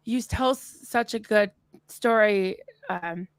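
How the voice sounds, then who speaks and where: A woman's voice: mid-range voice, slow, clear, resonant tone, no echo. Chatty woman host, dry sound. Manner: chatty, effusive, laughs often. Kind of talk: casual conversation.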